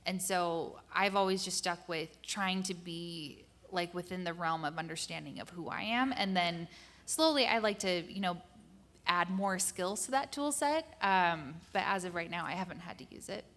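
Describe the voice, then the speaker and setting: A woman's voice: fairly low pitch, normal speed, a bit bright. Woman panelist, earnest, advice-giving, casual and chatty. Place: conference panel room.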